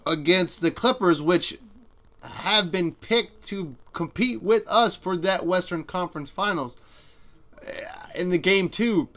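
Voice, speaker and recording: A male sports talk host with a slightly high voice. He chats loosely about the game and stumbles into restarts mid-sentence. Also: fairly bright tone. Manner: reads sponsor ads, hesitant restarts.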